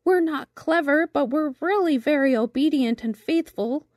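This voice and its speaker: A chorus of meek little shrimps begs in a high, squeaky voice, as a woman narrator puts them on. They sound humble, timid and earnest. The recording is dry and close. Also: normal speed, a little mellow, no echo, lightly acted. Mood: pleading. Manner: pleading, meek.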